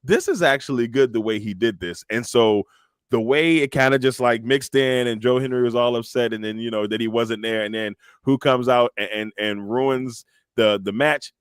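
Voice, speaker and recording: A man's voice: mid-range voice, moderate pace, smooth, dry recording, clean studio sound. A man co-hosting a podcast, chatting casually and animatedly, acting out quotes as he retells events. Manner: animated storyteller, acts out quotes and entrance music. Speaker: podcast co-host. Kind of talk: casual wrestling chat.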